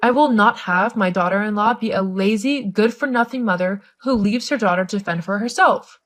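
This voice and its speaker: A condescending older mother-in-law who nags and belittles, read by a woman. Her voice sits at a middle pitch and she lectures in a steady scripted delivery. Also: moderate pace, lightly acted. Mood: scolding. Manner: condescending, nagging. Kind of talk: scripted story narration.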